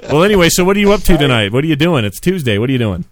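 A man's voice: on the high side, sing-song, racing, noisy background. A man hosting a casual comedy talk show, joking and laughing often as he chats and phones a caller. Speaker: show host.

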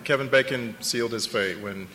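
A man co-hosting a casual movie commentary podcast, making wry, deadpan jokes. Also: mid-range voice, moderate pace, in a large hall, a little hiss or hum, poor audio. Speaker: podcast co-host.

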